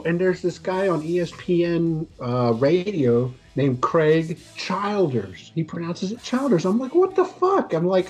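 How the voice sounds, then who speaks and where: A man with a somewhat high voice tells an anecdote in a loose, conversational way. He sounds put upon and exasperated, and he swears casually. Faint music plays underneath. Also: a little mellow. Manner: exasperated, profane storyteller.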